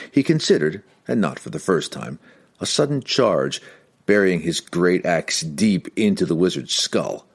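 A man reading a fantasy novel aloud as an audiobook narrator, in a dramatic, expressive way. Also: low-pitched, slightly rough.

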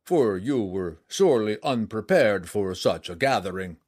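Man voicing a booming giant warrior king. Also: animated, darkish tone. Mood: hearty. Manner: booming, slow and blunt. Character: gruff one-eyed giant warrior king.

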